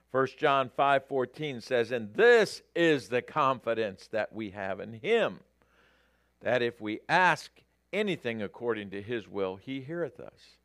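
A man's voice: medium pitch, a bit bright, no echo, studio quality. A man preaching a sermon, addressing the congregation directly and rising to emphatic peaks.

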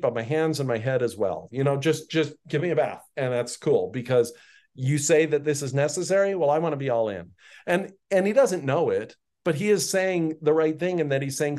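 A man's voice: on the high side, lively intonation, brisk, a little mellow. A man teaching a Bible passage on a podcast in a conversational way, reading verses aloud and then paraphrasing them in his own words. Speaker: pastor.

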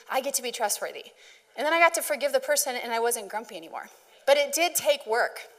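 A woman's voice: high-pitched, sharp tone, in a large hall. A woman preaching a sermon in a conversational, storytelling way, asking the audience questions.

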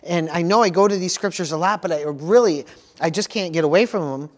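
A man's voice: sits high, a little fast. A male pastor preaching a sermon at a church service, earnest and repetitive, often stopping to ask the congregation for an amen. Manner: earnest preaching, frequent call-outs for "amen", repeats words.

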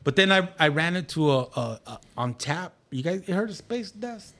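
A man from Arizona with a high, gravelly voice tells stories in a loose podcast chat. He laughs between lines and slips into the voices of the people he quotes. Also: lively intonation, normal speed, fairly bright tone. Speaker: podcast guest. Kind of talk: casual storytelling chat.

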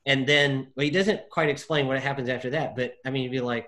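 A man discussing a Bible passage in casual chat, animated, acting out the figures' lines with lots of fillers. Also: mid-range voice, moderate pace, few pauses. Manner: animated, acts out quotes, many fillers.

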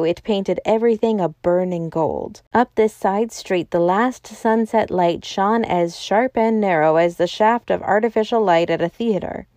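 A woman narrating a novel as an audiobook, reading in a steady, measured way. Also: mid-range voice, dry recording. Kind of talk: scripted storybook narration.

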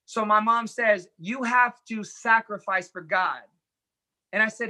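With a measured pace and a sharp tone, a high-voiced man shares his life story as an interview guest. He tells it earnestly and vividly, performing the dialogue as part of the telling.

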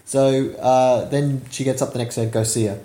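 A man's voice: mid-range voice, fairly even intonation, normal speed, mellow. A man casually recapping a film on a podcast, swearing and laughing as he retells the scenes. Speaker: podcast co-host. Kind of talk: casual movie recap chat. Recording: echoey room.

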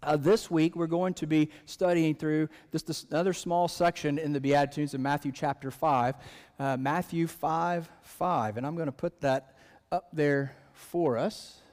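Brief: male pastor, casual sermon delivery, slightly high voice, long-reverb sanctuary. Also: fairly even intonation, a little slow, darkish tone. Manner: conversational, joking asides.

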